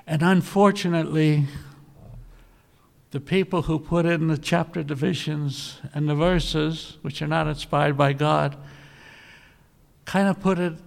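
A male preacher giving a sermon, telling a scripture story earnestly and often clearing his throat. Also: a little high, a little slow, pauses often. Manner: earnest storytelling, animated when quoting scripture.

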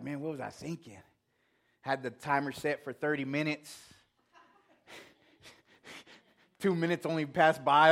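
A man preaching a casual, conversational sermon, telling a self-deprecating story with quoted asides. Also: medium pitch. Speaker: pastor.

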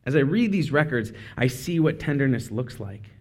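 A man's voice: mid-range voice, animated, normal speed. Man giving a casual sermon. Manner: conversational, with asides and self-corrections. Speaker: speaker.

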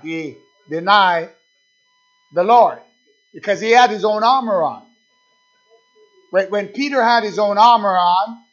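A man preaching a sermon, emphatic and repetitive, calling out "amen" between points. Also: high-pitched. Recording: dull lo-fi sound.

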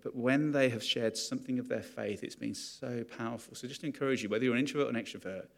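A man's voice: medium pitch, vocal fry. A man preaching a sermon to his congregation, candid and confessional about his own struggles. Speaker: pastor.

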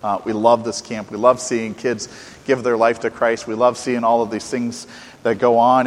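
A man preaching a sermon, getting loud for emphasis and dropping quiet for asides. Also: mid-range voice, big-room sound, rough recording. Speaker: pastor.

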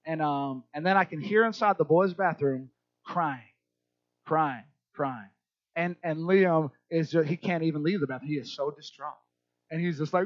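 A man's voice: fairly high pitch, moderate pace, no echo. A middle-aged man preaching a sermon to a church crowd, chatty and conversational, often checking in with his listeners. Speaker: pastor. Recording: dull lo-fi dry sound.

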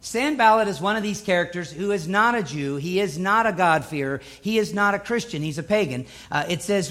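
High-voiced man preaching emphatically. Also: animated, a little fast, few pauses, a bit bright. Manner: emphatic, building repetition. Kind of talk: sermon.

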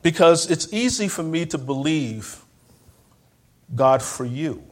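A fairly high-voiced man delivers a church sermon at a slow pace with lively intonation. He repeats phrases, calls for the congregation's response, and shifts from loud bursts to quiet, hushed lines.

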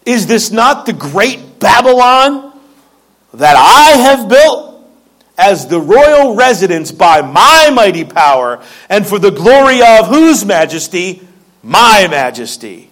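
A man preaching, voicing a proud ancient king who boasts slowly and grandly about his own greatness. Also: high-pitched, big pitch swings, a bit bright, full character voice. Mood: boastful. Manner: slow, declaiming, self-important. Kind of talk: sermon.

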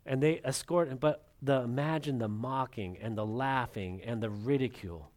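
A man preaching a sermon as pastor, acting out the quotes and swinging between loud emphasis and hushed, dropped lines. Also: medium pitch, normal speed, hardly any pauses.

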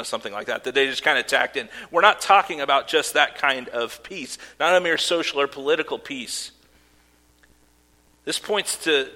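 A man's voice: mid-range voice, bright, forceful tone. A man preaching a sermon as pastor, earnest, with casual asides and fillers. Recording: long hall reverb.

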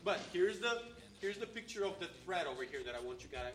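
A man's voice: high voice, big pitch swings, fairly quick, fairly bright tone, recorded from a distance. A man teaching a conversational Bible lesson who explains step by step and keeps checking in with his listeners. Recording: roomy, speaker away from the mic.

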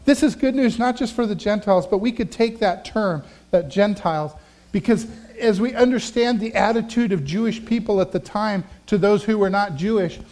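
A male pastor preaching a sermon, telling personal stories in a conversational way that swings between loud emphasis and quiet asides. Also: high-pitched, moderate pace.

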